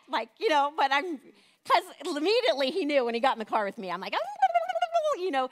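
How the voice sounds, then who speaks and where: A woman's voice: high-pitched, very animated, normal speed. A woman teaching a women's Bible study in a casual, conversational way, often checking in with "right?".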